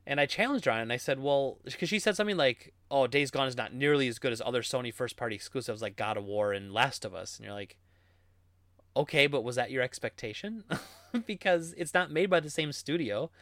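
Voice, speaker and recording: A man's voice: mid-range voice, fast, no room sound. A man in his thirties who works in game retail, answering viewer questions in a rambling, casual way and acting out customers as he tells stories. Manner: rambling, animated storytelling with laughs and acted-out customer quotes.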